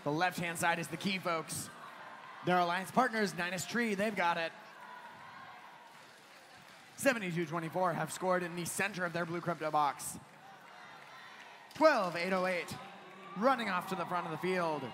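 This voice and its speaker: A man giving live play-by-play commentary on a robotics competition, getting louder and higher at the big moments. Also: moderate pace, pauses often, a faint crowd, slight background noise. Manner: excited play-by-play, climbs in pitch at big moments. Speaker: match commentator.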